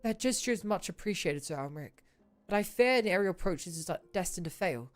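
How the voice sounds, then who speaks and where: A woman's voice: lowish voice, expressive, soft background music, pitched below the performer's own voice, natural voice. A woman voicing an earnest young male scholar-diplomat from a game, speaking formally in a put-on British accent. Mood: resolute. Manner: formal, measured, old-fashioned diction.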